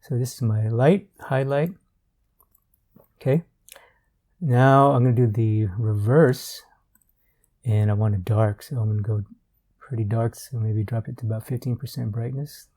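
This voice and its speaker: An art instructor gives a relaxed tutorial while he works, thinking aloud with fillers and repeated words. His medium-pitched voice moves a little slowly, with frequent pauses.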